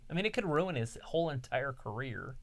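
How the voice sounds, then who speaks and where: A man's voice: medium pitch, big pitch swings, brisk, gravelly. Easygoing man chatting on a stream. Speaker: live stream co-host. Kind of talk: casual chat about wrestling.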